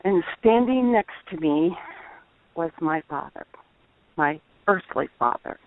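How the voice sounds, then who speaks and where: A middle-aged woman calling in, telling a personal testimony in an earnest, halting way, over the phone. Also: lowish voice, lively intonation, no room sound. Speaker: caller. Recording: tinny dry phone line.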